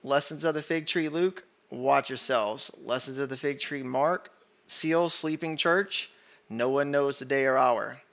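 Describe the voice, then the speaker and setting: Man, online Bible teacher, emphatic and insistent, gravelly, muffled home recording. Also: medium pitch, a little slow, a bit bright. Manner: emphatic, keeps asking "right?". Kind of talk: screen-share Bible study sermon.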